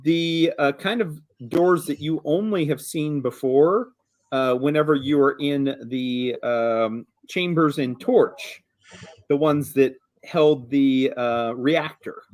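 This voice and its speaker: A man running a tabletop game as game master, talking in a relaxed, hesitant way full of ums. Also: on the high side, takes it slowly.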